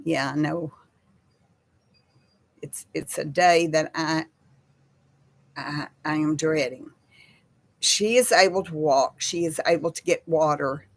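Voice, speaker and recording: An older woman chatting casually with live viewers in a slow, folksy way. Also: sits low. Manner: slow folksy talk, baby voice to her pets. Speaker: host of a live chat with viewers. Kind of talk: casual live-stream chat reading viewer comments.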